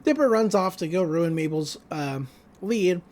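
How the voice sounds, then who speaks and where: A woman's voice: lowish voice, expressive, a little slow, darkish tone. Chatty woman recapping a cartoon episode. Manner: chatty, laughs often, wry asides. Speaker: podcast co-host.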